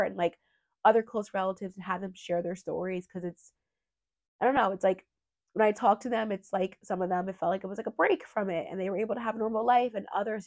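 A woman's voice: mid-range voice, no echo. Young woman, nasal and sick with a cold, rambling heartfelt chat, filler words, dry close sound. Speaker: true crime channel host. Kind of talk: casual emotional monologue.

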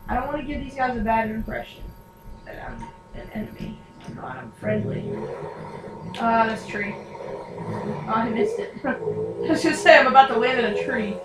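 A woman's voice: a little high, sing-song, moderate pace, vocal fry, pauses often. A woman hosting casual gameplay commentary, chatty and self-mocking, who often laughs at her own mistakes. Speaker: gaming channel host. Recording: echoey room, distant mic, noisy.

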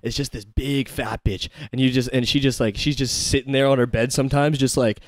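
A young man talks loosely on his home podcast, profane and rambling, full of ums and likes. His voice sits at an average pitch. The mic is close and dry. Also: fairly even intonation, a little fast, dry recording. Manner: rambling, profane, filler-heavy. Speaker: podcast host. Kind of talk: casual comedic chat.

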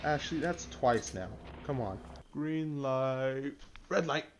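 A man giving let's-play commentary on a horror game, excitable and swearing, yelling at his companion character. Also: medium pitch, slow, highs cut off, slight background noise. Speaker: gamer playing a VR horror game.

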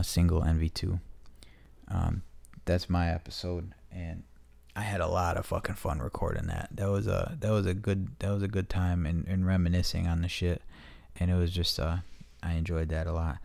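Deep gravelly man rambling, profane. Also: a little mellow, no room sound. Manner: loose, profane, heartfelt talk. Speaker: podcast host. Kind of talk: casual rambling chat. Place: at home.

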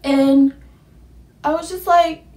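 Animated slangy young woman telling a story. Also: slow, reverberant, far from the mic. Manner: animated, slangy, acts out quotes in high excited bursts. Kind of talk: casual storytime vlog.

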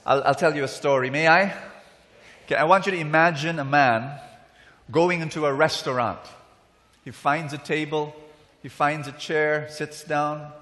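A man's voice: a little high, steady tone, normal speed, fairly bright tone. A man preaching to a crowd, speaking emphatically and calling for their responses. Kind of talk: sermon. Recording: reverberant hall.

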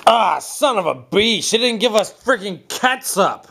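A man's voice: high voice, expressive, measured pace, vocal fry, noisy background. A young man co-hosting a comedy show, bantering goofily and often squealing in mock alarm. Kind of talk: goofy casual banter.

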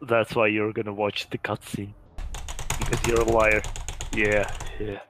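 A man's voice: on the low side, completely flat delivery, unhurried, noisy background. A man chatting casually while playing a video game, teasing his partner, swearing and laughing often. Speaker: game player. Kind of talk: casual gaming chat.

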